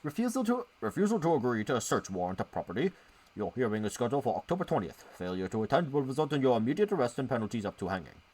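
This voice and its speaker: A man's voice: medium pitch, very animated, very fast, darkish tone, breathy edge, poor audio. A man voicing a stuffy old-time judge with a put-on old British accent, reading out a formal court summons in a stilted way. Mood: stern formal.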